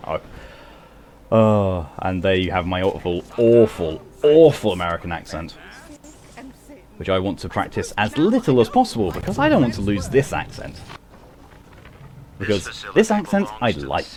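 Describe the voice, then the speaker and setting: A man gives chatty, wry commentary while he plays a game, laughing often. His voice sits fairly low. A faint hiss runs under his talk. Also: sing-song, normal speed, long pauses, darkish tone. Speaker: streamer. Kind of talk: gameplay commentary.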